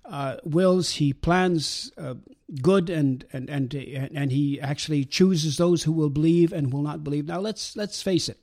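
A man calmly explaining religious ideas in a talk show discussion, pausing often with fillers. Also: fairly high pitch. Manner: measured, explanatory, with many pauses and fillers. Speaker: guest speaker explaining Islam.

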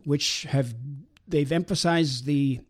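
A man calmly explaining religious ideas in a talk show discussion, pausing often with fillers. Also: a little high. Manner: measured, explanatory, with many pauses and fillers. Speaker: guest speaker explaining Islam.

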